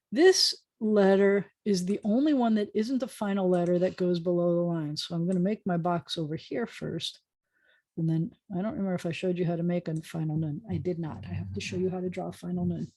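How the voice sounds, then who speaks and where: A woman's voice: on the low side, moderate pace, a little mellow. A woman rabbi teaching a beginners' Hebrew class over a video call, chatty and often correcting herself as she draws the letters. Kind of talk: online class lesson.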